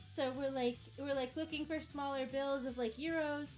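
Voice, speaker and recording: A woman's voice: high-pitched, steady tone, moderate pace, faint music behind. A young American woman streaming, rambling through a travel story in casual chat, self-mocking and acting out quotes. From United States.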